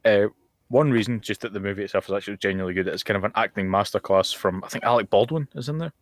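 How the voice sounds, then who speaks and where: Low voiced guy on a podcast over an online call, dry close sound, opinionated deadpan takes. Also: rapid-fire, no room sound. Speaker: podcast co-host. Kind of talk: casual chat. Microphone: home mic over online call.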